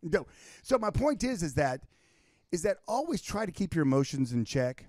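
A man in casual podcast chat, animated and storytelling, acting out the people in his stories. His voice sits a little high. The sound is dry and close to the mic. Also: normal speed, dry recording. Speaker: podcast co-host.

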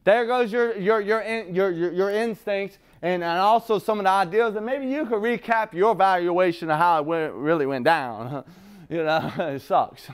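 A man's voice: high voice, moderate pace, smooth. Blunt, swearing man sharing his recovery story. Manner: rambling, restarts, swears freely, laughs often. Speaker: recovery meeting speaker. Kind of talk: profane, blunt recovery talk.

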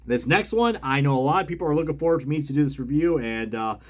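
A man's voice: a little high, animated, quick pace, slight background noise. A man casually reviewing die-cast cars as he unboxes them, chatty and rambling, often correcting himself mid-sentence.

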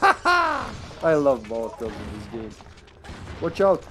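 A man streaming a video game live, chatting casually and playfully, breaking into excited shouts. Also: medium pitch, takes it slowly, slight background noise. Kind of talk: live gameplay commentary.

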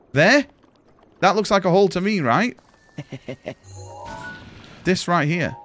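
A young man, chatting excitably and swearing as he streams a video game and thanks viewers. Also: high-pitched, takes it slowly, soft background music. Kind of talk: live gameplay commentary.

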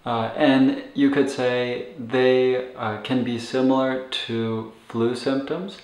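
A man teaching medical Spanish phrases in a relaxed, casual way, with many fillers and a laugh at his own tongue twister. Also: medium pitch, slow. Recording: echoey room.

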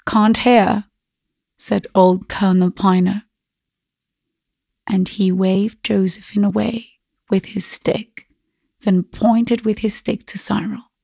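A woman narrating a classic story aloud in a measured, husky voice. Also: mid-range voice, little pitch movement, dark tone, dry recording, clean studio sound. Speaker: audiobook narrator. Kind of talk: scripted narration.

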